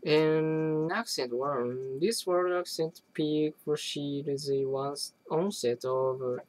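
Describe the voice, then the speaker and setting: Slow reader, academic text read aloud, halting, frequent restarts, self-corrections. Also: mid-range voice, darkish tone, no room sound, low-quality recording.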